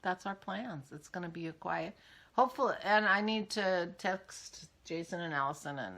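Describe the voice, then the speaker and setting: Older woman, casual vlog host, rambling chat, animated, bright voice. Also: fairly low pitch, measured pace. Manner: rambling, chatty, thinking aloud. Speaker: podcast host.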